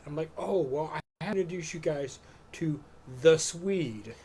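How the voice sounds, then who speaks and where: A man with a fairly high, slightly rough voice talks at a moderate pace as he co-hosts a live stream show. This podcast co-host rambles through a story casually, cursing freely and telling it in a loose, animated way.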